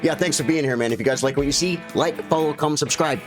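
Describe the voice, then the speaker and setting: A man streaming a video game, commentating live and swinging from quiet muttering to excited shouts. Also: mid-range voice, quick pace, over music. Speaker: gaming streamer.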